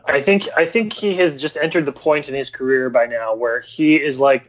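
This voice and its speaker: A man's voice: mid-range voice, moderate pace, few pauses. Wry male co-host, dull lo-fi sound. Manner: wry, musing, hedging. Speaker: podcast co-host. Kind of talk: casual podcast discussion.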